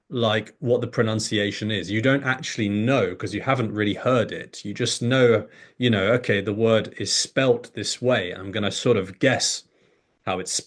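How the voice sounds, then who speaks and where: A man with a fairly low voice talks through his ideas as a teacher, explaining steadily. He breaks into quick demonstrations of how learners pronounce words, so his delivery stays lively and hands-on. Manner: animated, demonstrates pronunciation examples. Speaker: English teacher, guest. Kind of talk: explanatory conversation.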